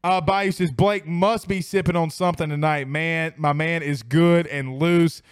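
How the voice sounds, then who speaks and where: A man's voice: a little high, fairly even intonation, unhurried, clean tone, dry recording, clean studio sound. A tipsy young man hosting a sports livestream, reading viewer comments in a rowdy, profane, laughing way. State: tipsy from whiskey. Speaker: sports show host.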